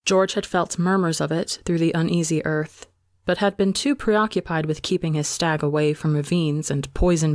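A woman narrating a fan story aloud for a podcast in a measured, dramatic storytelling manner. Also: sits low, no room sound, studio quality. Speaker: podcast reader.

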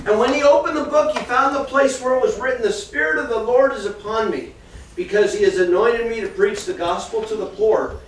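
Animated man teaching kids in an echoey room. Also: very high-pitched, fairly quick. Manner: animated storyteller, reads scripture then talks directly to the kids. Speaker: children's church teacher. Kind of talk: Bible lesson for children. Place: church classroom. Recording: echoey room from far off, faint noise.

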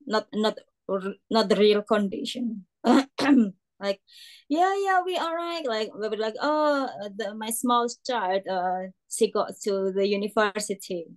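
A young woman with an Indonesian accent, giving a casual guest lecture, chatty, with many "like" fillers and greetings acted out in a high voice. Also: slow. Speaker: guest speaker.

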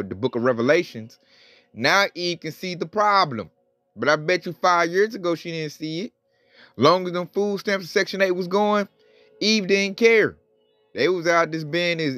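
A man's voice: fairly high pitch, a bit bright, dry recording. Preaching man with faint music. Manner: preachy and mocking, drawn-out greetings. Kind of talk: sermon commentary.

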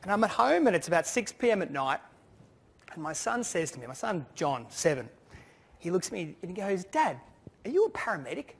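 Male conference speaker, husky tone, swinging pitch, storytelling delivery. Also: animated, fairly quick. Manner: storytelling, quotes his children. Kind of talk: anecdotal conference speech. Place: conference hall stage.

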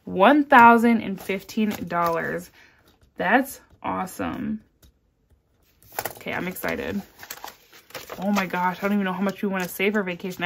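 A woman's voice: vocal fry, slight background noise. Woman vlogger, casual cash-stuffing video, murmured counting, friendly asides, faint rustle behind. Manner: counts bills aloud in a soft, low murmur; chatty and upbeat between counts. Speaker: budgeting vlogger.

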